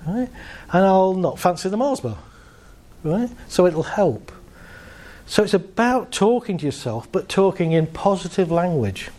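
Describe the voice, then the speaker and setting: A man's voice: high-pitched, unhurried. A man giving a playful live motivational talk to an audience, telling jokes and stories. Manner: playful, joking, animated storytelling. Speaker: motivational speaker.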